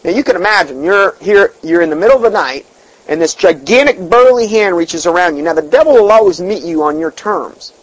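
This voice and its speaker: High-voiced emphatic male preacher. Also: animated, brisk, no echo, poor audio. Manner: emphatic, voice jumps up when stirred; conversational asides, fillers and restarts. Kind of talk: storytelling sermon.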